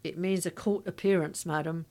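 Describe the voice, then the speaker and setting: A woman's voice: lowish voice, steady tone, normal speed, darkish tone, natural voice. A woman reading the lines of a stern, formal male police constable.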